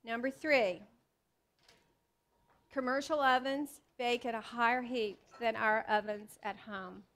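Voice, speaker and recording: A woman's voice: fairly high pitch, fairly even intonation, takes it slowly, fairly bright tone. A woman giving a live cooking demonstration to an audience, chatty and self-deprecating, with frequent restarts. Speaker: cookbook author doing a cooking demo. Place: teaching kitchen with a live audience.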